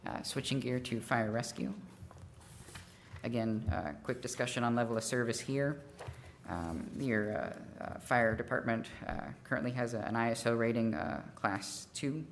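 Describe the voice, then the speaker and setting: A man's voice: mid-range voice, moderate pace, a little hiss or hum. A man consultant giving a formal presentation at a city council meeting, methodical and figure-heavy, with frequent fillers and restarts. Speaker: consultant presenting a fee study.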